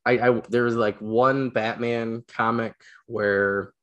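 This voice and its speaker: A man hosting an interview, rambling excitedly with lots of fillers as he tells stories. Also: medium pitch, slow pace. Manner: rambling, animated storytelling with many fillers. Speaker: podcast host, teacher and coach. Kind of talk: casual interview chat.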